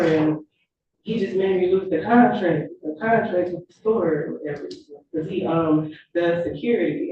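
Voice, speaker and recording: A woman gives courtroom testimony, halting and repeating her words as she goes. The sound is roomy and distant, picked up from across the courtroom on a dull, lo-fi system. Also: lowish voice, slight background noise. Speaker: witness. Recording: echoey distant courtroom audio, lo-fi.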